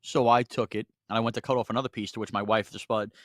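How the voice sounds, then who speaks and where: A man's voice: lowish voice, racing, hardly any pauses, no room sound, clean studio sound. A man hosting a sports radio show, telling stories in casual, self-mocking banter. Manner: storytelling, animated, self-mocking.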